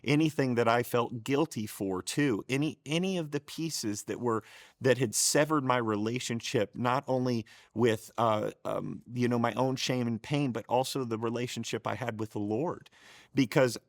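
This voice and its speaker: A man's voice: mid-range voice, normal speed, no room sound. Middle-aged guy telling his testimony, earnest and choked up, dry close sound. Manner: earnest, gets choked up, restarts often. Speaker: show co-host sharing his testimony. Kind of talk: emotional personal testimony.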